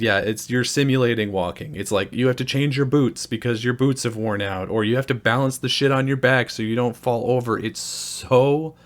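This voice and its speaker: Young dude ranting about bad games, sarcastic, swears a lot, totally over it. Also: male voice, mid-range voice. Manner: sarcastic, profane, exasperated. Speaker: gaming video host. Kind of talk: ranting game review.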